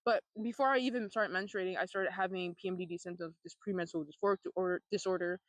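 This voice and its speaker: A woman's voice: fairly low pitch, fairly even intonation, fast, no room sound. Blunt, sweary young woman vlogger. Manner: blunt, swears freely, sarcastic asides. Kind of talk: candid personal storytelling.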